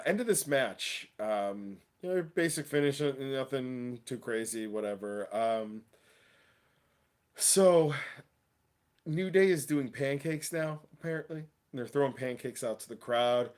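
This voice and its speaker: A man hosting a casual wrestling livestream, talking excitedly in slangy chat and laughing often. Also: medium pitch. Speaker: wrestling show host.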